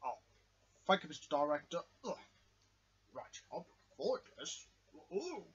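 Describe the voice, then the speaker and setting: A man's voice: fairly high pitch, big pitch swings, normal speed, lo-fi sound, background noise. A man doing No-Hair Bear, a timid whiny bear. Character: timid male toy bear, polite and easily scared. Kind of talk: homemade toy show role-play.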